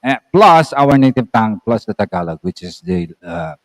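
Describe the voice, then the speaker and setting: A man's voice: medium pitch, very animated, gravelly, no echo, poor audio. Filipino man, Filipino accent, host, casual video-call chat, dry close sound, patient explaining. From Philippines. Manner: explains slowly, with repeated examples and filler sounds. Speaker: channel host.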